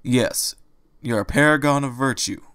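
A man voicing a gruff, streetwise male rabbit in a fan audiobook reading, talking in an impatient, grumbling, sarcastic way. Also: mid-range voice, expressive, fairly quick, fairly bright tone, no room sound, studio quality, natural voice.

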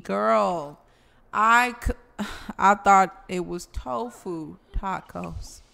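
Animated, cursing woman streamer with bright voice. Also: mid-range voice, drawn-out words, creaky. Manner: animated, swearing, talks back at the game characters. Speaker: gaming streamer. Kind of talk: casual gameplay commentary.

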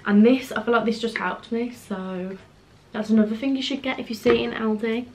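Young girl rambling to her phone at home, kinda high voice, chatty. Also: steady tone, brisk. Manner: chatty, rambling, drops to a near whisper at times. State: out of breath. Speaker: vlogger. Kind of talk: casual vlog chat. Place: home, indoors.

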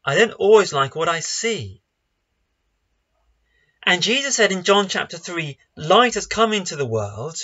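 Bright-voiced pastor preaching. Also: male voice, high-pitched, dull audio. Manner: conversational, self-deprecating humor. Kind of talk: online sermon.

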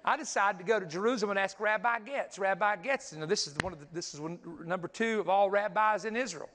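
A man's voice: sits high, fast, hardly any pauses, fairly bright tone. A man preaching a sermon, teaching energetically, counting aloud and pointing things out as he goes. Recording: long hall reverb.

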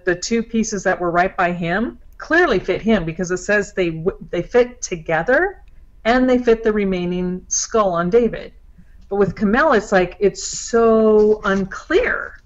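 A woman explaining crime scene photos in a casual live discussion, talking quickly and correcting herself. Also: medium pitch, expressive, dull audio. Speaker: guest analyst.

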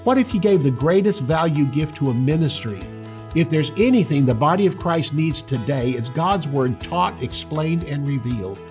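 An older man, a pastor, teaching a sermon with a husky voice and emphatic, drawn-out stresses on key words. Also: a little high.

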